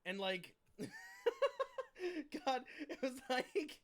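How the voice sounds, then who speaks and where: A player in casual chat about a tabletop game, lively and profane, laughing often. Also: extremely high pitch, drawn-out words.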